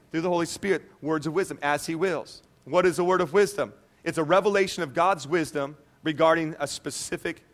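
A man preaching a sermon as pastor, animated and conversational, often checking in with "okay?". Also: a little high.

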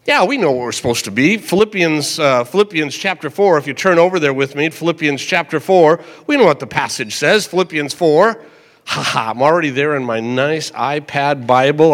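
An older man pastor preaching a sermon in a church, conversational and chatty, slowing down to repeat scripture verses. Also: fairly high pitch, a bit bright. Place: church sanctuary. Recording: long hall reverb.

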